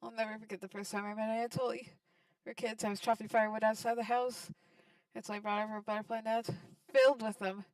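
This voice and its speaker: A woman voicing a large, gentle man who is grieving, speaking softly and quietly. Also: fairly high pitch, level tone, quick pace, no room sound, recorded from a distance, lightly acted, poor audio. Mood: sad.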